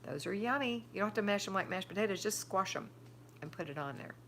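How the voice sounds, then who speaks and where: An older woman answers viewer chat on her live stream, speaking casually, reading comments aloud, and giving firm homemaking advice. Her medium-pitched voice is fairly bright, fast, and lively in intonation. Some slight background noise is present.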